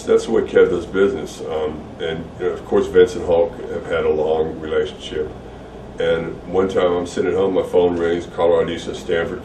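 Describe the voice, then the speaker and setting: Very deep middle-aged man in a candid interview, relaxed and rambling, recorded far off in an echoey room. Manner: relaxed, rambling, frequent fillers and repeated words. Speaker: interview guest, retired wrestler. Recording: roomy echo, distant mic, faint hum.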